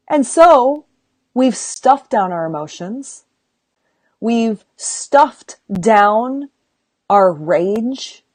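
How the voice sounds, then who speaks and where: A woman's voice: medium pitch, a little mellow, no room sound. A woman hosting a podcast, talking earnestly and emphatically in a motivational tone, often asking "right?" as she drives her points home. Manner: earnest and emphatic, building to rallying calls; unhurried, with frequent rhetorical "right?". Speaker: podcast host and women's circle leader.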